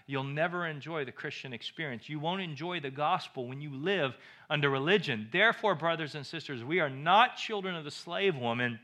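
Bright high-voiced male pastor preaching. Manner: emphatic, repeats phrases for stress. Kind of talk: sermon.

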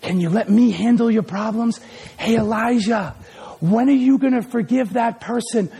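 A man's voice: very high-pitched, normal speed, gravelly, warm tone, husky, exaggerated voice. A male preacher voicing God as a close, tender fatherly figure, speaking to a listener in a church. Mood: pleading.

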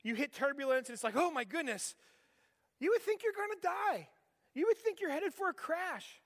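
Man preaching, very high voice, conversational sermon, rhetorical questions, long hall reverb. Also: big pitch swings, fairly quick, fairly bright tone. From western Pennsylvania. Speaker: pastor.

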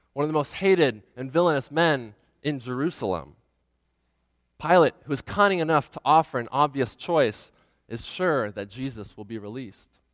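A man retells a scripture story as a dramatic sermon. He drops to a hush, then swells to loud, urgent passages. His voice sits slightly high, with a long reverb tail behind it. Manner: expressive, swings from hushed to loud.

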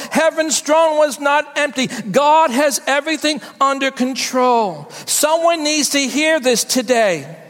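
A woman pastor preaching a sermon, high in pitch and unhurried. She builds emphasis through repetition, letting each phrase land. The recording carries the long reverb of a large church hall.

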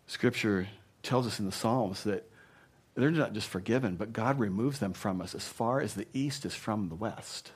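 A male pastor delivering a sermon in an ordinary mid-range voice. He talks casually, with plenty of "you know", then drives his points with loud emphatic bursts and soft, low asides. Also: lively intonation, normal speed, husky. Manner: emphatic, swinging between punchy loud lines and hushed asides; conversational, with frequent "you know".

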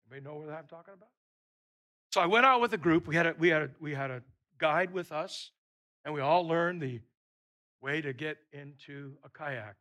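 A man preaching a sermon, telling a personal story in a lively way and often repeating words. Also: a little high.

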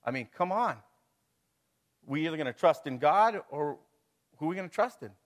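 A man's voice: on the high side, expressive, moderate pace. A middle-aged man preaching a sermon to his congregation, talking it through casually, with rhetorical questions and chuckles. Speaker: pastor.

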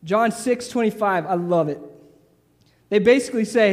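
A man preaching a sermon in a lively, casual way, acting out the voices of the people he talks about. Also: high-pitched, normal speed, long pauses, in a large hall. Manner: lively, acts out crowd voices, casual asides.

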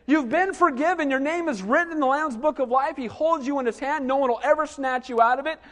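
A middle-aged man preaching a sermon, telling lively stories and asking the congregation questions. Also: very high-pitched, fairly quick, long reverb tail. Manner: animated storytelling with asides to the congregation. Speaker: pastor.

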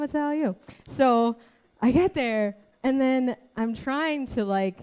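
A woman's voice: sits high, takes it slowly, clean tone. Earnest woman telling her faith story. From Hawaii. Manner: lively storytelling, acts out quoted voices. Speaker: speaker giving a testimony. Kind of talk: personal faith testimony.

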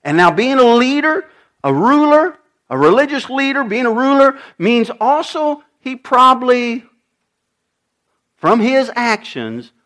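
Older guy preaching, keeps repeating lines and asking the crowd stuff, high voice that swoops around a lot. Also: big pitch swings, measured pace, a bit bright. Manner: emphatic, repeats phrases, asks the congregation questions. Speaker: pastor. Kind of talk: sermon.

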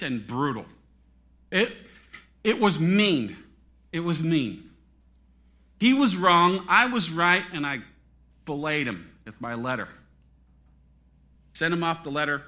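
A middle-aged male pastor preaching a sermon, swinging between loud dramatic peaks and hushed, near-whispered drops. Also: fairly high pitch.

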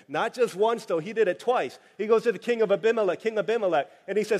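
Pastor, male, high voice, animated and jokey sermon delivery, long hall reverb. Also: quick pace. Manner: animated, joking asides, acts out quoted voices.

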